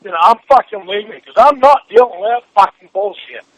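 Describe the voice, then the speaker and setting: A man shouting in a heated private argument, furious and swearing nonstop, his voice sore and strained. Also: high voice, a little fast, rough recording.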